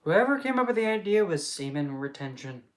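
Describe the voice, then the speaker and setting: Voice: mid-range voice, big pitch swings, fairly quick, slight background noise. A streamer rambling in a casual livestream chat, giggling and exclaiming while talking back to the chat with pet names. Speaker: streamer hosting an open chat.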